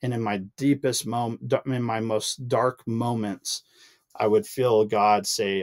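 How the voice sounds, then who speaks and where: A man's voice: medium pitch, steady tone, a little slow. A young adult man sharing a heartfelt personal testimony as a podcast guest, earnest and emotional, his voice rising when he recalls frustration. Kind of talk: personal testimony in casual chat.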